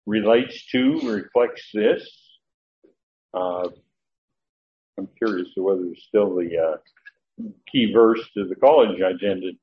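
A man's voice: on the low side, slight background noise. A man teaching scripture in a conversational, meandering manner with frequent fillers. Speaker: Bible teacher. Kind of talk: sermon. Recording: dull lo-fi recording with faint ambience.

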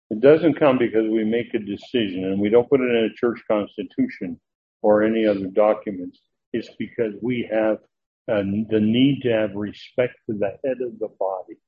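Husky-voiced preacher on a tinny line. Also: male voice, fairly low pitch. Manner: earnest, emphatic, with frequent restarts and filler sounds. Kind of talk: verse-by-verse sermon. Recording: narrow, tinny phone-like sound.

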